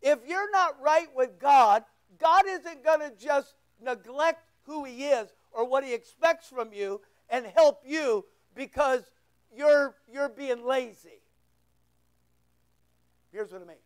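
A man's voice: very high-pitched, slow. A man preaching a sermon as pastor, emphatic and rhetorical, repeating his phrases.

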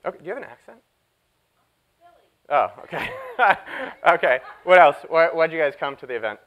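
High-energy man hyping a crowd. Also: expressive, normal speed, highs cut off. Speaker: keynote speaker. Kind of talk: live conference talk to an audience. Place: conference room with a live audience.

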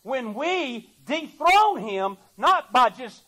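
A man's voice: very high-pitched, sing-song, takes it slowly, pushed and bright, poor audio. A man preaching a sermon, emphatic and folksy, repeating words as he builds his point. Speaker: pastor.

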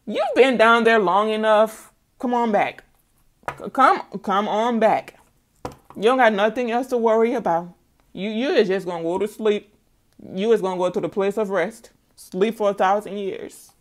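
Laughing, animated woman reading tarot. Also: mid-range voice, normal speed. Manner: animated, laughing, sing-song asides, folksy slang. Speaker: tarot reader. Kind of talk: casual tarot reading monologue.

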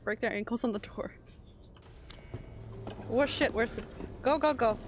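A woman's voice: a little high, moderate pace, pauses often, noisy background. A woman streamer giving chatty live commentary while she plays, swearing and panicking in frantic bursts.

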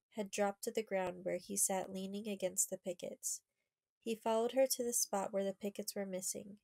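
Mellow woman reading a storybook. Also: mid-range voice, creaky, no echo, low-quality recording. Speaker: audiobook reader. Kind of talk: storybook narration.

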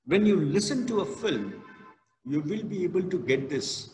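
A male college lecturer gives a classroom lesson, talking slowly and leaning hard on key words. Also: sits high, animated, darkish tone, soft background music. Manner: slow, emphatic, stresses key words. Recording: echoey hall, reverberant.

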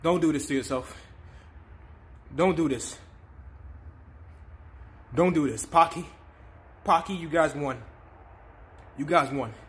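In his casual vlog, a young YouTuber doing a spicy chip challenge speaks slowly in a fairly high, slightly bright voice, pausing often. He sniffles in pain and keeps pleading in short, repeated, distressed bursts.

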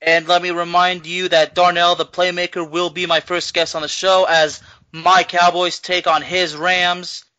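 A man's voice: high voice, level tone, unhurried, bright, forceful tone, dry recording, muffled recording. A man co-hosting a podcast, chatting casually and thinking aloud with restarts. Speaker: podcast co-host.

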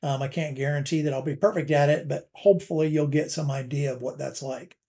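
A man teaching a recorded lesson on poetry, explaining in a casual way with fillers and slowing down to read verse aloud. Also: fairly high pitch, steady tone, dark tone.

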